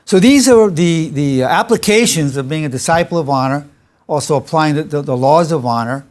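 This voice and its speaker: A man's voice: on the high side, lively intonation, moderate pace, a little mellow. An older man, a psychologist, giving an informal lecture and telling personal anecdotes in a chatty, self-amused way. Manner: chatty storyteller, amused by his own stories.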